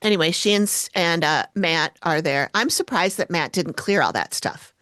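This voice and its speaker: A woman's voice: fairly low pitch, moderate pace, a bit bright, dry recording, clean studio sound. A woman co-hosting a podcast, chatting casually as she recaps scenes and quotes what people said. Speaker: podcast co-host.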